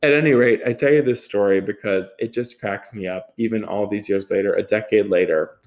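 A man in his thirties with a fairly low voice hosts a podcast solo. He rambles through a casual story, full of "like", swearing and laughing along the way. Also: a little fast, darkish tone. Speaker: podcast host.

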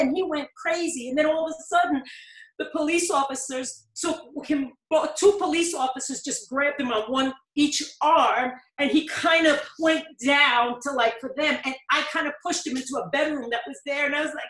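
A woman's voice: high voice, normal speed, a bit bright. A middle-aged woman telling a personal story earnestly in an interview, her voice rising in pleading emphasis. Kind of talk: personal testimony in conversation. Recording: echoey room.

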